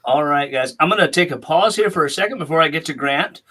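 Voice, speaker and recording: Guy hosting a podcast, kinda high bright voice, rambly and laughy. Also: lively intonation, fast. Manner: chatty and rambling, laughs often. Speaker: podcast host. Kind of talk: casual podcast chat.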